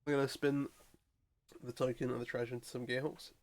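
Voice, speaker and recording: A man's voice: medium pitch, little pitch movement, quick pace. A man casually commenting on his own card game match, thinking aloud and often restarting his sentences. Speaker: streamer playing a card game.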